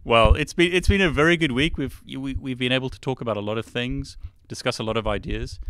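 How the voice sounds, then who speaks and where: A man's voice: medium pitch, a little fast, fairly bright tone, smooth, no echo. Casting: chatty South African man, co-host, laughs easily, close dry mic. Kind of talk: casual live chat.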